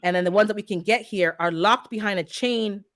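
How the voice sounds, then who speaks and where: A woman hosting a gardening channel, chatting casually and telling a story with animated, heated energy. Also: medium pitch, a little fast, dry recording, studio quality. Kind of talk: casual chat.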